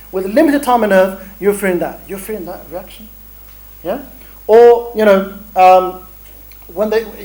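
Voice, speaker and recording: A man's voice: high-pitched, a little mellow, low-quality recording. A man giving a chatty, bantering training talk to a group, telling stories and dropping Arabic phrases. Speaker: dawah instructor.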